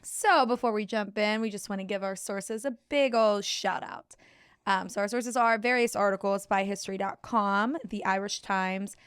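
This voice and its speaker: A young woman, co-hosting a podcast with quick, playful remarks in casual chat. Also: mid-range voice, fairly bright tone, smooth, no echo, clean studio sound. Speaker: podcast co-host.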